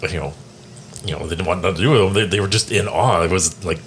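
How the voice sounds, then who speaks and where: A man's voice: sits low, fast talker, fairly bright tone, a little hiss or hum. A man co-hosting a music roundtable, telling long rambling stories with many fillers. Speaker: podcast co-host. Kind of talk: casual roundtable chat.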